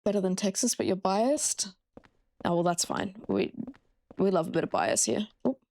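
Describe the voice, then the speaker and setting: Young Australian woman, game streamer, mid pitch, dry close sound, chatty and blunt. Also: normal speed, vocal fry, a little mellow, no room sound. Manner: chatty, reading out chat, frank with swearing. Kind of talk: casual gameplay commentary.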